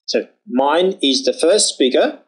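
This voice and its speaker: A male pronunciation teacher talks slowly and deliberately, letting his pitch swing widely as he models each word. He enunciates every drill word with care. He sounds like a lesson recorded at home. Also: animated, breathy edge, rough recording. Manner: slow, careful enunciation with exaggerated pitch on drill words.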